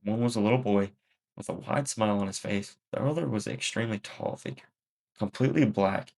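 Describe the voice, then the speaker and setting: A man's voice: fairly low pitch, brisk, gravelly, a little mellow, poor audio. A man reading a first-person story aloud, a plain reading with small slips. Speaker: story narrator.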